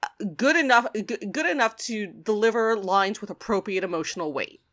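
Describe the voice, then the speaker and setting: Woman, podcast co-host, casual chat, sweary rant, bright tone. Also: medium pitch, moderate pace. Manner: ranting, sweary, laughs often.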